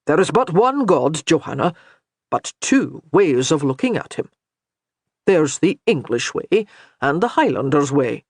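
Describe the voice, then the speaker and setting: A man reading as a kindly old Highland priest who reassures with light humor. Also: big pitch swings, unhurried, no echo, clean studio sound, heavily acted. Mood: reassuring.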